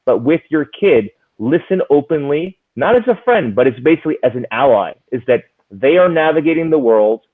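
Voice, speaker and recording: A man's voice: a little high, lively intonation, moderate pace, hardly any pauses. A man who is a psychologist, giving earnest advice in casual conversation and explaining with concrete examples. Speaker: psychologist, interview guest. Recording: tinny phone-like line.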